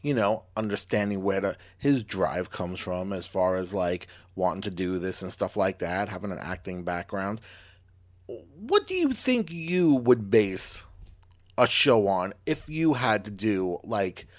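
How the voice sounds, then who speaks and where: Lively, joking podcast co-host man. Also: lowish voice, a little slow. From Long Island, New York. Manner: lively, joking, rambling with many fillers. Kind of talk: casual chat.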